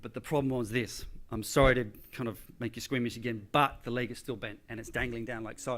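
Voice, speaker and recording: A man's voice: mid-range voice, steady tone, fast talker, hardly any pauses, a bit bright. Man telling a vivid story on stage. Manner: vivid, conversational storytelling with quoted dialogue. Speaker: motivational speaker. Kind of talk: storytelling keynote speech. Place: event stage before an audience.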